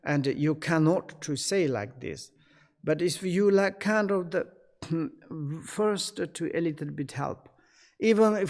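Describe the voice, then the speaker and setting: A man with a slightly raised speaking voice teaches the dharma in an online session. His English comes in halting pieces, padded with fillers, and he acts out short snatches of everyday conversation. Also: on the high side, darkish tone. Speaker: Buddhist teacher.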